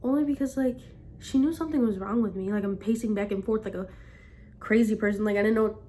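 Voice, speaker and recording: A woman's voice: medium pitch, quick pace, mellow, a little hiss or hum. A young woman telling a personal story in a casual vlog, rambling with constant "like" fillers. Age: young adult. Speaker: vlogger.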